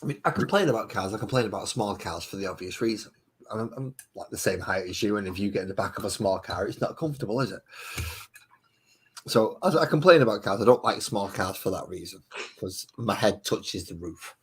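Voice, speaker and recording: A man's voice: on the low side, animated, a little fast, slightly rough. A British man chatting casually, bantering in a dry, understated way. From United Kingdom. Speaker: guest in chat. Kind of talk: casual chat.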